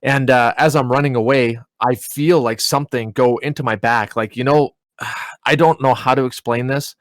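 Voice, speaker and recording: Young dude retelling a story on a podcast, swears a lot, mid pitch, dry close sound. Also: male voice, moderate pace, dry recording. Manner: animated, swearing, laughing retelling. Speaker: podcast co-host. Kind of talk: casual storytelling.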